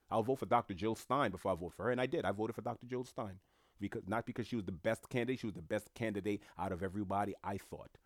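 Dry-sounding low-voiced man, emphatic. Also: dry recording. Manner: emphatic, repeats phrases, slangy asides. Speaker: commentator speaking to viewers. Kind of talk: impassioned casual monologue.

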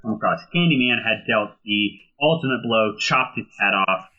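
A man's voice: lowish voice, phone-quality sound. A man narrating a tabletop game as game master, describing scenes with many "uh"s and "um"s. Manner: filler-heavy, descriptive, unhurried narration.

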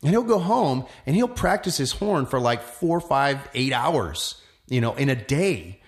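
A man who works as a musician and actor, musing in casual chat with lots of pauses and restarts. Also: medium pitch, sing-song. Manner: reflective, rambling, many fillers and restarts.

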